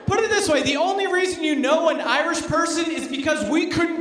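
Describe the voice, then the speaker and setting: A man performing a stand-up comedy set on a theater stage, sarcastic and self-mocking, slipping into quick character voices. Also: very high-pitched, a bit bright. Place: theater stage before a live audience. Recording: echoey hall recorded from far off.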